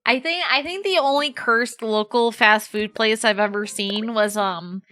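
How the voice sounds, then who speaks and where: Bright, high-voiced woman streamer. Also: a little slow. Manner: chatty, animated storytelling with frequent swearing. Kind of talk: casual chat while playing a game.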